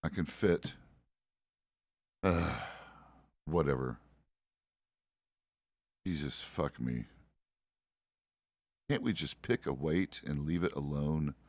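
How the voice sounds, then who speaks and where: A man's voice: rumbling low, takes it slowly, long pauses, a little mellow, no echo, studio quality. A middle-aged man streaming a game, chatting casually in a grumpy, swearing, complaining way. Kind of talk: casual live-stream chat while gaming.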